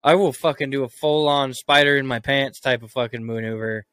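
A man talking on a podcast in loose, crude banter, swearing often and laughing as he rambles through stories. His voice sits in an ordinary middle pitch and is recorded close and dry, with no room sound. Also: fairly even intonation, a little fast, fairly bright tone, clear, resonant tone, no echo. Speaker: podcast co-host.

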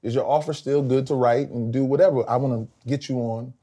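Middle-aged male guest, animated raconteur, voices the people in his stories. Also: a little fast, slightly rough. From South Carolina, US. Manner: animated storyteller, acts out quotes with big pitch jumps. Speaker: guest, former band vocalist. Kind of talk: casual interview storytelling.

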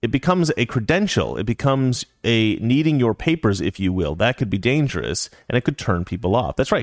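This male co-host speaks at a medium pitch, very animated and fairly quick, barely pausing, in a clean, echo-free studio recording. On a laid-back talk show, he reads the news aloud and riffs on it with heated, sarcastic, mock-serious commentary.

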